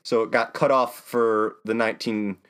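A man's voice: lowish voice, normal speed, smooth. Chill guy hosting a music podcast, lots of uhs, just chatting along. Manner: relaxed, with many "uh" fillers. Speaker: podcast co-host. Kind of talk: casual chat.

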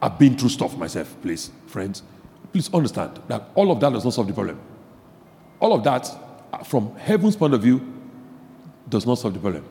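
A male pastor preaching a sermon, swinging from quiet asides to shouted emphasis, repeating phrases and asking the audience questions. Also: medium pitch, sing-song, normal speed, vocal fry, pauses often, long reverb tail.

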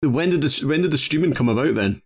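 A man's voice: on the high side, lively intonation, fast talker, breathy edge. A man hosting a podcast interview, asking questions in a casual, hesitant way with many restarts. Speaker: podcast host.

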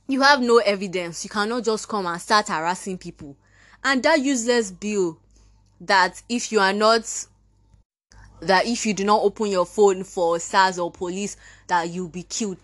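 A woman's voice: mid-range voice, unhurried. A fifteen-year-old girl with a Nigerian accent, talking straight to listeners in an angry, fired-up podcast monologue. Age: teens. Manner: indignant, ranting, mimics others mockingly. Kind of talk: impassioned monologue.

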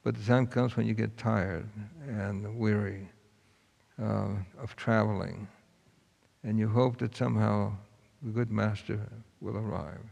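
Gravelly preacher with a long hall echo. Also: male voice, lowish voice, fairly even intonation, measured pace, a little mellow. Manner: folksy, earnest. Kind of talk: sermon storytelling.

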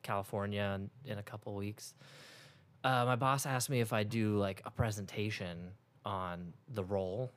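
A man's voice: fairly low pitch, steady tone, moderate pace. Young man rambling casually on a podcast. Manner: rambling, lots of fillers, laughs often. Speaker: podcast co-host. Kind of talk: casual chat.

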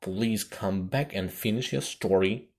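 A man's voice: on the low side, a little slow, darkish tone. A man voicing Alice, an eager little girl. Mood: pleading. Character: curious polite little girl.

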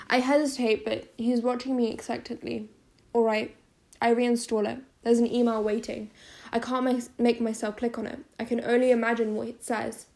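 A woman narrating a first-person novel as an audiobook, in a steady storytelling manner. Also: fairly high pitch.

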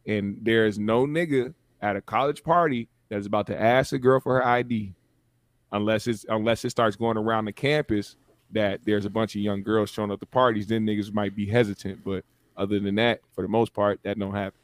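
A man co-hosting a podcast in casual chat, calmly explaining his view. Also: fairly low pitch, fairly quick, dry recording. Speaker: podcast co-host.

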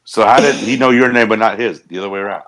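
A man's voice: fairly low pitch, quick pace, fairly bright tone. A man co-hosting a podcast, chatting casually and asking dry, teasing questions. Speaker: podcast co-host. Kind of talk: casual chat.

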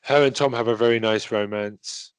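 A man's voice: lowish voice, fairly even intonation, moderate pace, smooth, no echo. A man chatting casually as a podcast co-host, rambling with many fillers and swearing freely. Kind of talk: casual chat.

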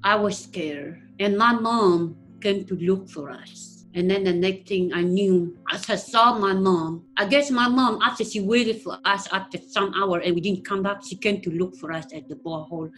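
A woman with a recounting a frightening childhood memory in an earnest, plain-spoken way, her voice dropping soft at the tense moments. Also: medium pitch, moderate pace, hardly any pauses, rough recording. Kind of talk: personal storytelling. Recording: faint guitar music behind.

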